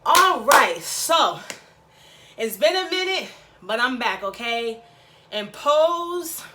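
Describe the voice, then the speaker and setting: A woman's voice: high voice, very animated, slow pace, pushed and bright. A woman vlogger giving a sassy, chatty recap of a TV episode, tagging her sentences with "okay?". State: out of breath. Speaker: YouTube vlogger. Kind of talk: casual TV recap vlog.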